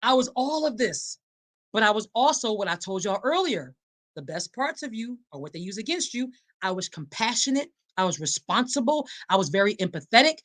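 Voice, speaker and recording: A woman hosting a live podcast, speaking emphatically and preacher-like, addressing her listeners as y'all and reading their comments aloud. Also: mid-range voice. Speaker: podcast host. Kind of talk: live-streamed advocacy talk.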